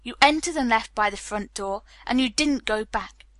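A woman's voice: fairly high pitch, moderate pace, fairly bright tone, no room sound, lightly acted. A woman reading a blunt, demanding police captain. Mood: stern. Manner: hard, demanding questions.

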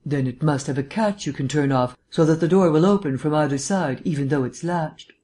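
An audiobook reader voicing an urbane, erudite gentleman detective who lectures in a polished, lightly teasing way. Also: medium pitch, fairly quick, lightly acted. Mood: probing. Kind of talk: audiobook reading.

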